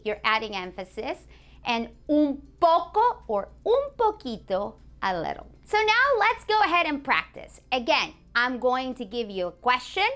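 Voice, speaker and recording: A woman teaching a beginners' language lesson, a native Spanish speaker who says example phrases slowly and clearly and praises the learner. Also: sits high, fairly bright tone. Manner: clear, slow modeling of example phrases, encouraging.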